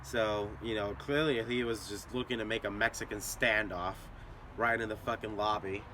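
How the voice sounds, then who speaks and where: A man's voice: fairly low pitch, fairly even intonation, normal speed, pushed and bright, slight background noise. A young man telling a story to his channel in a casual, profane, rambling way.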